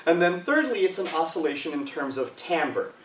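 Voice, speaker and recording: A man's voice: on the high side, big pitch swings, normal speed, distant mic. Encouraging male choir director in an echoey room. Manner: patient, encouraging, counts singers through exercises. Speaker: choral workshop leader. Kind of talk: live choir workshop teaching. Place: rehearsal room with a group. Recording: echoey room, speaker off-mic, faint hiss.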